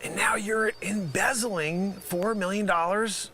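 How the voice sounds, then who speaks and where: A man's voice: high voice, fairly even intonation, slow, crowd noise. A man improvising a comedy phone-scam sketch, bellowing insults and then dropping to a mutter. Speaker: host of a live improv comedy show.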